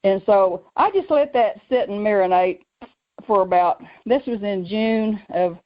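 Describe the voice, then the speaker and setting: A woman hosting a faith radio show, telling her own story in a lively way and acting out the voices she quotes. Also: medium pitch, unhurried. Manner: lively, acts out quoted voices, laughs often. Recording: muffled lo-fi radio audio.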